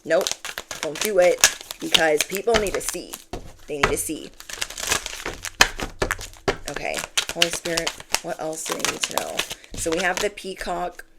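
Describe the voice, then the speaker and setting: A woman giving a channeled tarot reading, speaking with animated, drawn-out emphasis while shuffling cards. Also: low-pitched, vocal fry, heavy background noise. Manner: animated, drawn-out emphatic phrases, acts out quoted reactions. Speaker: tarot reader.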